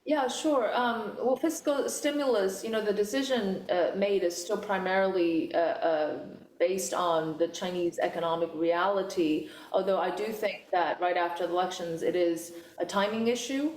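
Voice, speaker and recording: A woman professor speaks on a conference panel in a measured, careful way, often pausing on fillers and restarting her phrases. Her voice sits a little low and sounds roomy, picked up from some distance away from the mic. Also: a little mellow, slight background noise. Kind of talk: panel discussion answer. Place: conference hall.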